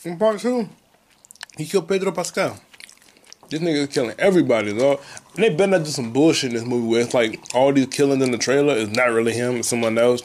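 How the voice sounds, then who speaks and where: A man's voice: medium pitch, quick pace, slight background noise. Man ranting profanely on a podcast. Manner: profane, animated ranting with sudden loud outbursts. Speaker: podcast host and stand-up comedian. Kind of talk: casual solo podcast rant.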